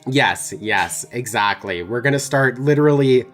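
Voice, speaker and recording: Brief: bantering gamer man, middle pitch, crude humor, faint music behind. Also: lively intonation, fairly bright tone. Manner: joking, crude asides, quick riffs. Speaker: co-host gamer. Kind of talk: casual let's play banter.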